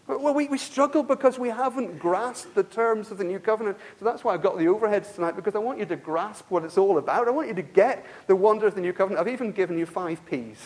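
High-voiced man preaching a sermon. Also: fast talker, hardly any pauses. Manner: emphatic, repeats himself, asks the congregation rhetorical questions; swings between loud emphasis and quiet, soft-spoken stretches.

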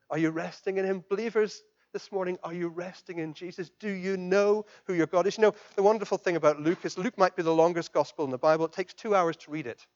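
A man preaching a sermon as pastor, swinging from loud emphatic declarations down to soft, quiet questions. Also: a little high, muffled recording. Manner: impassioned, rising to loud emphatic declarations then dropping soft.

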